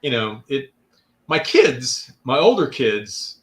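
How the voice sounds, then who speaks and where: Man, 60s, interview guest, storytelling, animated quotes, middle pitch. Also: takes it slowly.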